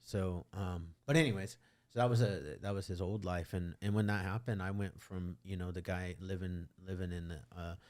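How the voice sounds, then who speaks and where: A man's voice: sits low, fairly even intonation, normal speed. A middle-aged man from the United States talking candidly on a podcast, rambling and restarting his sentences. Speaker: podcast host. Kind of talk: casual conversation.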